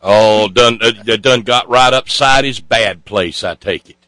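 Rambling missionary, folksy drawl, played by a man, bright voice. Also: lowish voice, a little slow, dry recording, low-quality recording. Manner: drawling, stumbling, tells tall tales. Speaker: comic radio co-host.

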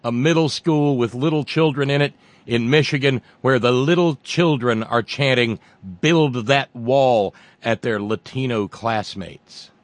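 A man's voice: medium pitch, moderate pace, dry recording. Southern American man, political commentator, profane and sarcastic monologue, dry recording. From Southern United States. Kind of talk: monologue rant.

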